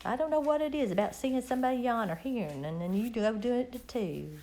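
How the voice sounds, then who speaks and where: A middle-aged woman hosts a live stream, chatting with her viewers in a rambling, folksy way and drifting from one small story to the next. Her voice is a little on the high side with a dark tone, and she talks fairly quickly with lively intonation.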